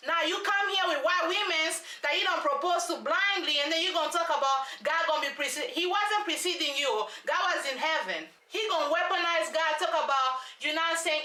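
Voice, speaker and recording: A woman, ranting through an animated, slangy recap of a reality show with lots of rhetorical questions. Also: very high voice, brisk, hardly any pauses. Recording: echoey room.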